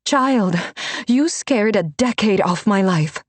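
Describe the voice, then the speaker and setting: A woman's voice: mid-range voice, animated, slow, no room sound, pitched above the performer's own voice. A woman voicing a stern, devout older woman mentor who speaks fervently and firmly. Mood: fervent relief. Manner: fervent, scolding, firm.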